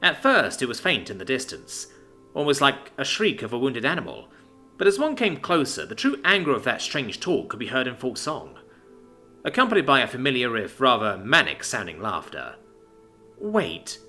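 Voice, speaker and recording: Lively bright male story narrator. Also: mid-range voice, moderate pace, faint music behind.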